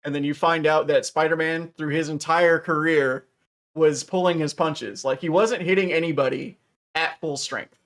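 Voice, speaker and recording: A man in casual chat as a stream co-host, rambling with many restarts and trailing off softly. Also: a little high, normal speed. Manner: mimics characters with raised excited voice.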